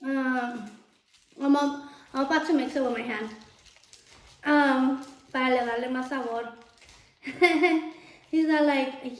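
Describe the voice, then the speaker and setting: A young woman with a high, bright voice spins a story as she cooks in her kitchen. She talks fast and loose, animated and chatty, with plenty of swearing. Her voice bounces around a roomy space with a noticeable echo. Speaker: vlogger. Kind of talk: casual storytime while cooking.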